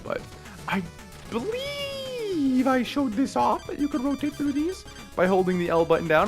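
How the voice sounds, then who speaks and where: Brief: excitable young gamer narrating his playthrough, jokey and loose, voice leaping all over, soft game music behind. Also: mid-range voice. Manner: excitable, rambling, laughing, swearing. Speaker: let's play host. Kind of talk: casual gameplay commentary. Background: faint game music.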